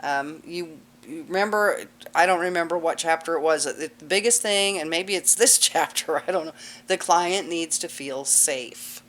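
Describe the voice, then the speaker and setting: A woman's voice: low-pitched, normal speed, a bit bright. Lady instructor giving a class lecture, chatty, lots of ums and okays. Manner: casual, chatty, many fillers. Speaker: cosmetology instructor.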